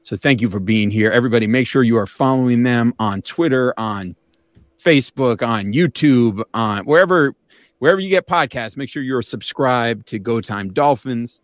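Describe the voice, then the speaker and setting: A man in his forties hosting a podcast, animated and wary, talking in quick asides. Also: medium pitch, no echo, clean studio sound. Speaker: podcast host. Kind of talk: casual podcast chat.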